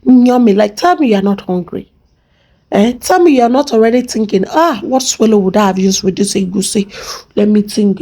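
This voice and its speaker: A woman with a Nigerian accent chats through a cooking vlog in a playful, talkative way, addressing her viewers directly. Her voice is mellow and relaxed rather than bright, with a mid-range pitch. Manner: playful, chatty, talks to viewers and her pot. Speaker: cooking channel host.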